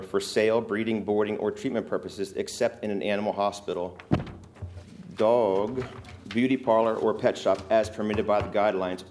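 A man, a local resident, giving earnest, emotional testimony at a public hearing, halting often with fillers. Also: lowish voice, a little mellow, a little hiss or hum.

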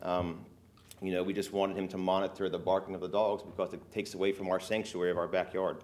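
A man, a local resident, giving earnest, emotional testimony at a public hearing, halting often with fillers. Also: deep voice, level tone, darkish tone.

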